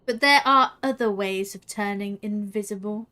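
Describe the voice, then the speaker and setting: A woman voicing a calm, wise sorceress, reading game dialogue aloud in a measured, formal way with old-fashioned phrasing. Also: mid-range voice, voice pushed down, natural voice.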